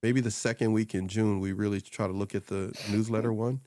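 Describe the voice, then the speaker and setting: A man's voice: fairly low pitch, steady tone, brisk, mellow, dry recording, clean studio sound. A man hosting a casual chat, coaching on social media in a loose, rambling way and laughing often.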